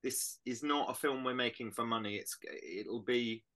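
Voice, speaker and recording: A middle-aged British man, an actor, talking through his craft in a casual interview, animated and reflective. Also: mid-range voice, normal speed. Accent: British English. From Britain. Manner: animated, reflective, explains with images. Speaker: actor guest. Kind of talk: casual interview on a video call.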